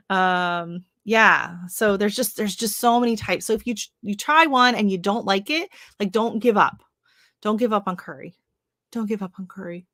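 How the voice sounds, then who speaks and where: A woman's voice: mid-range voice, animated, slow, pauses often, sharp tone, no echo, studio quality. A woman hosting a live stream, chatting casually with viewers, greeting them by name and rambling with lots of fillers. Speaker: livestream host. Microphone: livestream setup.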